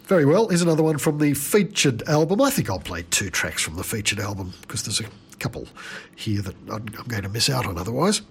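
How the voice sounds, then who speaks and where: A man's voice: medium pitch, sing-song, brisk, slightly rough. A male radio presenter introducing recordings with wry, amused asides. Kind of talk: relaxed music radio links.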